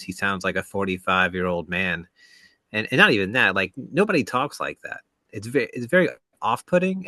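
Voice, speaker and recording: A man co-hosting a casual podcast, walking through his reasoning at length with frequent pauses. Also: on the low side, bright, forceful tone, no room sound. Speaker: podcast co-host.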